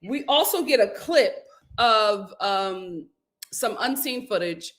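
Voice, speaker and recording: A woman hosting a casual vlog, recapping a reality show with animated, opinionated commentary and frequent laughter. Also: mid-range voice, slow pace.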